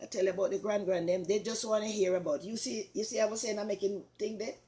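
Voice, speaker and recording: A woman's voice: mid-range voice, fairly even intonation, fast talker, slight background noise. An older woman with a Jamaican accent, hosting a casual cooking chat and talking to viewers with lots of repetition. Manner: chatty, repeats herself, warm asides to viewers. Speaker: talk show host.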